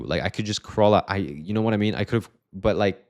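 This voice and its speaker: A man's voice: fairly low pitch, lively intonation, fairly quick. A young man talking frankly in a personal vlog, swearing often, rambling and restarting his sentences. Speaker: vlogger.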